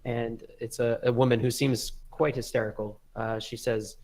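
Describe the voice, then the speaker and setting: A man's voice: mid-range voice, little pitch movement, normal speed, few pauses, darkish tone, low-quality recording. A young man narrating a tabletop game as game master in a loose, casual way with many fillers.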